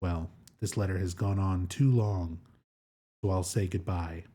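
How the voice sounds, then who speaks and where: A dying young wife pours out a farewell letter in a soft, subdued way, as a man reads her part aloud. The voice sits low and mellow, with a husky edge. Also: fairly even intonation, unhurried. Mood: sorrowful.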